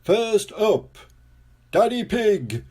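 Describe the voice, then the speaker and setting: A man's voice: sits high, sing-song, extremely slow, a little mellow, slightly rough, voice pushed up, heavily acted. An older man reading a storybook, voicing a male potato announcer who proclaims results. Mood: proclaiming.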